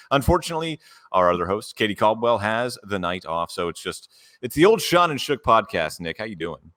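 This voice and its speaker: Young guy hosting a sports pod, silky smooth, low voice, swings up and down a lot. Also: brisk. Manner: smooth, close to the mic, animated. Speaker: podcast host. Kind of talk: casual sports podcast chat.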